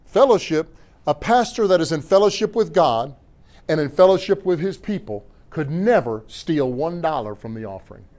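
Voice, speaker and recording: A middle-aged man preaching a sermon as pastor in a church, animated and joking with the congregation between scripture readings. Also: a little high, normal speed. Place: church sanctuary.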